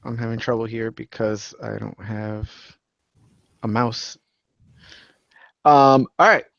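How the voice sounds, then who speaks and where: Slow-talking man on a dull lo-fi line. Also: mid-range voice, fairly even intonation, vocal fry, fairly bright tone, dry recording. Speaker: podcast co-host. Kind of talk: casual chat. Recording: dull lo-fi sound.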